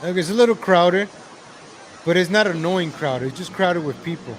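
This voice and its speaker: A man ranting in exasperation over video clips, talking straight to his audience as ladies and gentlemen. His voice sits slightly high. A faint noise floor runs under the recording. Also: normal speed, a faint crowd. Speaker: commentator reacting to videos.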